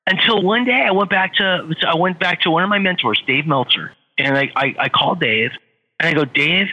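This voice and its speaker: A man's voice: fairly high pitch, a little fast, sharp tone, long reverb tail, poor audio. A middle-aged man, a guest on an interview show, telling his story with energy and repeating phrases for effect. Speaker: guest, author and entrepreneur.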